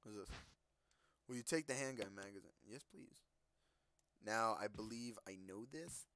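A let's play gamer gives casual, joking commentary as he plays a video game, at a moderate pace with no echo. He talks back to characters on screen, breaks into loud outbursts, and mutters the on-screen text in a low voice.

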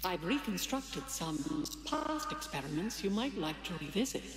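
An actress playing a polite female smart-house AI in a video game, speaking in a formal, calm, courteous way. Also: on the low side, moderate pace, a loud crowd.

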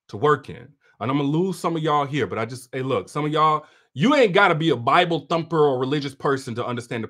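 Man giving a relationship talk on a livestream, kinda high voice, swings up and down a lot, preachy big-brother vibe. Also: a bit bright. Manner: preachy and direct, like a big brother, with repeated emphatic phrases. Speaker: relationship coach. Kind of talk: livestream masterclass talk to viewers.

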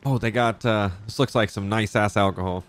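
A man's voice: fairly low pitch, fairly even intonation. A young man chatting casually and swearing freely while playing through a crime roleplay game. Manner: loose, swearing, quick reactions. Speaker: roleplay streamer. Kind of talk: casual in-character game chat.

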